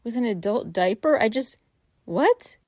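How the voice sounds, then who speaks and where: A woman's voice: mid-range voice, moderate pace, darkish tone, no room sound. Incredulous woman podcast host, dry sound. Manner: incredulous, rambling critique with rhetorical questions. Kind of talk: solo news recap podcast commentary.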